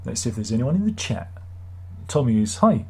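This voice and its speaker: Husky man ranting casually. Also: mid-range voice, very animated, brisk, dark tone. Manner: grumbling, sardonic, rambling. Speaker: livestream host. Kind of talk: casual live chat reading comments.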